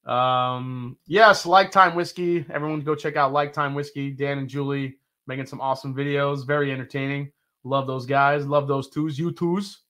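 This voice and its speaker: A man hosts a live whiskey-tasting stream in a medium-pitched, steady voice that's pushed and bright, moving at a normal speed. He jokes, swears, and reads viewer comments out loud.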